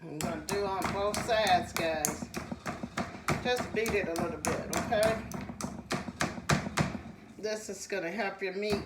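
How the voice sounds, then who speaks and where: Woman, cooking host, slow unhurried talk, homey kitchen demo, roomy echo, distant mic. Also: mid-range voice, heavy background noise. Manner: slow, homey, says "guys" often. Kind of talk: casual cooking demonstration. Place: home kitchen.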